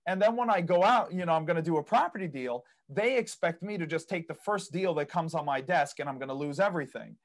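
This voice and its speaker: A man's voice: fairly high pitch, animated, fast talker, few pauses. A man guesting on a podcast, telling stories about property investing, acting out people's reactions and laughing at his own tales. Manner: storytelling, acts out other people's quoted reactions. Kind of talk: casual interview chat.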